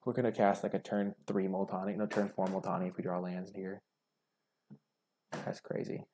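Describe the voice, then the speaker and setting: A man's voice: low voice, flat delivery, normal speed, mellow, slight background noise. A young man giving casual, chatty commentary over a card game, thinking aloud and criticizing his own plays. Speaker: gaming streamer.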